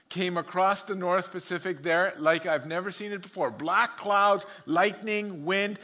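Pastor, male, high bright voice, sermon with funny asides and chuckles. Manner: chuckles often, storytelling asides. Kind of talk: sermon with humorous anecdotes.

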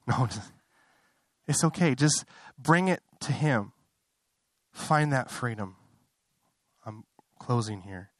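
Conversational young pastor preaching. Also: male voice, animated, slow, long pauses, fairly bright tone, no room sound. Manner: conversational, building to impassioned high-pitched fervor; self-interrupting, apologetic asides. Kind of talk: sermon.

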